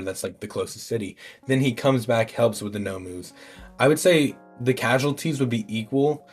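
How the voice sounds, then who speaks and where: A man's voice: fairly low pitch, breathy edge. A man telling a story in a casual, improvised way, rambling with fillers and restarts. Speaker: YouTube storyteller.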